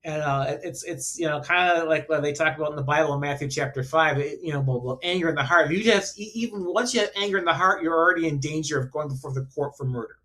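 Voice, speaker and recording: A man's voice: a little high, bright, forceful tone. A man who is an author and guest on a casual film podcast, talking reflectively with many restarts. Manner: reflective, halting with repeated words.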